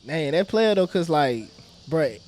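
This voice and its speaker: A young man hosting a casual interview, relaxed, slangy and laughing easily. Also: on the high side, unhurried. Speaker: interviewer, host.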